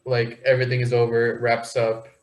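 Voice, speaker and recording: A man co-hosting a podcast, telling rambling stories in a casual, animated way. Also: medium pitch, brisk, rough recording. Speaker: podcast co-host. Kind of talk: casual chat.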